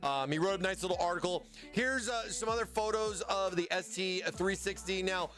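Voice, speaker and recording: A man's voice: high-pitched, moderate pace, fairly bright tone, faint music behind. A man hosting a casual product livestream, rambling and often stammering and repeating words. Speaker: livestream host.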